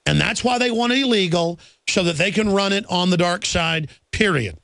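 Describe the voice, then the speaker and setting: A man's voice: high-pitched, lively intonation, moderate pace, vocal fry, a bit bright, no echo. A man hosting a talk radio show, speaking in an emphatic, ranting way. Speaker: radio host.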